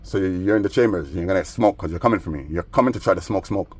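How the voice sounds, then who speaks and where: A man's voice: low-pitched, fast talker, a little mellow. A man vlogging casually, rambling through a story in slangy talk with constant asides. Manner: rambling, slangy, with frequent "you know what I mean".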